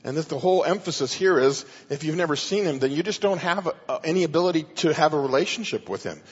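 A man's voice: a little high, expressive, fast, breathy edge. A man preaching a sermon, teaching through Bible verses with emphatic stress. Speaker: pastor. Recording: muffled sound with long hall reverb.

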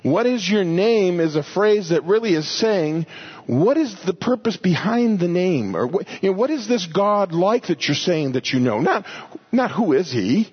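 Husky male preacher teaching scripture. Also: high voice, normal speed, dull audio. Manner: explains verses, paraphrases scripture in lively voices, shifts between loud and quiet. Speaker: pastor teaching a Bible study. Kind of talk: sermon.

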